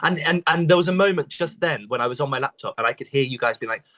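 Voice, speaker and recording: A man on a video call as a podcast guest, rambling and self-deprecating with halting restarts. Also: mid-range voice, animated, pushed and bright. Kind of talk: casual chat.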